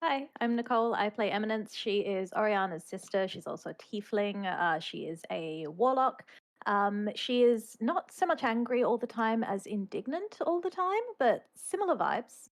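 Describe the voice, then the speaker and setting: A woman's voice: mid-range voice, expressive, moderate pace. A confident woman player who laughs often, chatting casually at a tabletop game.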